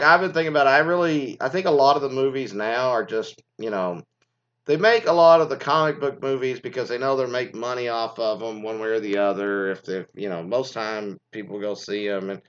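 A man's voice: mid-range voice, brisk, a bit bright, lo-fi sound. A man ranting casually in a commentary show, profane and rambling, telling exasperated stories. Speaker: commentary host.

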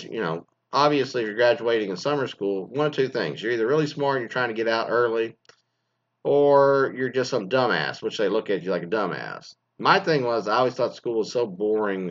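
A news commentator from around Dallas, Texas, middle-aged, rants crudely and sarcastically with plenty of swearing. His voice is medium-pitched and a little bright, and the recording is dull and lo-fi.

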